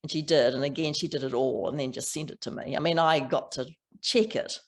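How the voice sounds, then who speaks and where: Older woman, new zealand accent, gravelly fry, chatty author interview, laughs easily. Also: low-pitched, fairly quick. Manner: chatty, laughing, many restarts. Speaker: author guest. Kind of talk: casual interview chat.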